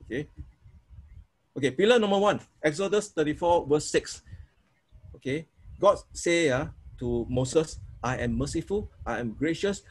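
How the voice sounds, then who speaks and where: A man's voice: a little high, slightly rough. A man teaching a sermon on prayer, repeating himself and acting out prayers in an informal way. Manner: repetitive, informal, demonstrates prayers aloud. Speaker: preacher.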